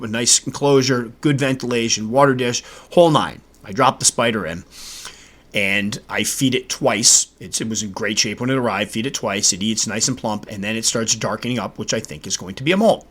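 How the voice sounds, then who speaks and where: A man hosting a casual solo podcast, telling a story with animated delivery and acting out his own exasperated reactions. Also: lowish voice. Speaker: podcast host.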